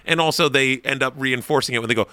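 A man in a casual film discussion, speaking in a measured, wordy, playfully formal way. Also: medium pitch, sharp tone, clean tone, no room sound. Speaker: film podcast co-host.

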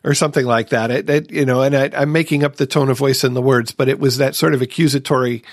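A man's voice: mid-range voice, fairly even intonation, fast, hardly any pauses, no room sound, clean studio sound. A man hosting a recovery podcast, sharing his own experience in a reflective, casual way. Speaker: podcast host.

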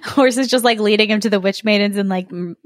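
A woman's voice: mid-range voice, fast, no room sound. Give me a playful young woman chatting casually as podcast co-host, dry sound. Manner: playful, joking. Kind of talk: casual chat.

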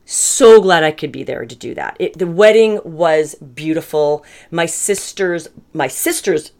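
Chatty middle-aged woman, lowish voice. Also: measured pace, creaky. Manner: chatty and candid, self-described bossy, frequent restarts. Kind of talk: casual personal storytelling.

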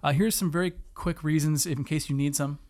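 A man in his thirties co-hosting a podcast, reading verses slowly and earnestly and chatting casually with an easy laugh. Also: a little high, fairly even intonation, a little mellow. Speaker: podcast co-host. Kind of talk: casual chat with scripture reading.

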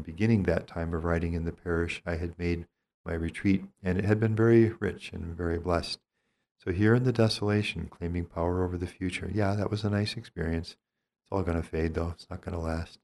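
With a deep, very low voice, an aging priest speaks calmly and reflectively about spiritual things. He weighs each phrase gently and thoughtfully, often breaking off mid-thought to pause.

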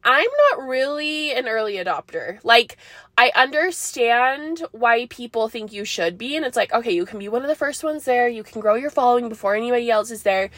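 A woman's voice: a little high, fairly bright tone, dry recording. A young woman hosting a casual solo podcast, rambling and bubbly, laughing often and filling her talk with likes and ums. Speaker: podcast host.

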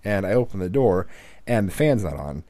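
Man, middle-aged, casual podcast chat, swears and laughs, low voice. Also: sing-song, fairly quick, dark tone, no room sound. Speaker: podcast co-host.

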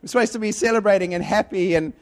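A preacher with a notably high-pitched male voice delivers a sermon. He talks conversationally, repeats and restarts phrases, and tells his own stories with animation. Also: fast talker. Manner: conversational, repetitive, animated retelling. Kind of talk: sermon with personal storytelling.

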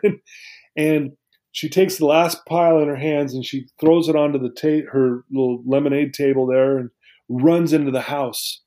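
A man's voice: a little high, fairly even intonation, normal speed, warm tone. A man as an interview guest, telling a personal story in an earnest, heartfelt, reflective way.

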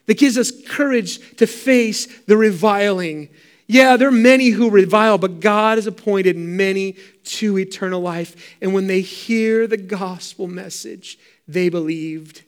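A middle-aged male pastor delivering a sermon with fervent, emphatic repetition. His voice sits notably high for a man. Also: unhurried, clear, resonant tone.

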